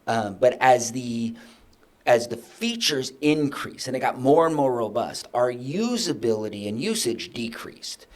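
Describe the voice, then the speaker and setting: A middle-aged man telling candid business stories as a podcast guest, acting out his own past conversations with lively emphasis. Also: medium pitch, unhurried. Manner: animated, acts out his own past dialogue.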